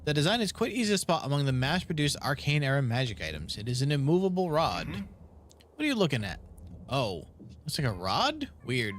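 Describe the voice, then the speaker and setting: Animated young man playing a game. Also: medium pitch, fairly quick, a little hiss or hum. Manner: animated, laughing, swearing at failed rolls. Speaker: gaming video creator. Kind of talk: let's play, reading game text aloud and reacting.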